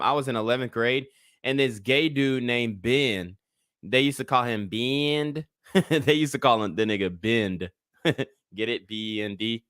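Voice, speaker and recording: A man's voice: mid-range voice, sharp tone, clean tone, dry recording, clean studio sound. A man in his twenties giving casual livestream commentary, a blunt and profane rambling storyteller.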